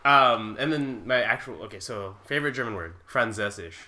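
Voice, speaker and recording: A man's voice: fairly low pitch, expressive, brisk, a crowd in the background. A young man co-hosting a podcast, rambling in casual chat with lots of fillers and laughs. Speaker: podcast co-host.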